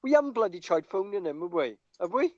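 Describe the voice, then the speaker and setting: A man with a fairly high voice, bantering, swearing and laughing as he co-hosts a stream. The sound is dull and lo-fi. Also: sing-song, fast, darkish tone, no echo. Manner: joking, swearing, laughing often. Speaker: livestream co-host. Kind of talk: casual banter.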